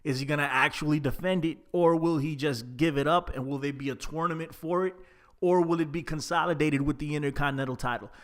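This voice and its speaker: A man's voice: a little high, fairly quick, fairly bright tone. A man casually reviewing a wrestling show, chatty and laid-back with plenty of fillers. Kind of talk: casual solo recap.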